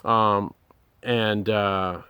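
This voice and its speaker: A man sharing a personal testimony, speaking earnestly and haltingly with many pauses and restarts. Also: on the low side, level tone, bright, forceful tone, clear, resonant tone.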